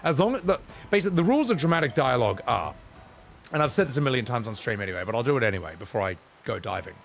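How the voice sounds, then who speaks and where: A man's voice: medium pitch, sing-song, rapid-fire, vocal fry. A man chatting casually on a live game stream, opinionated and rambling, swearing freely.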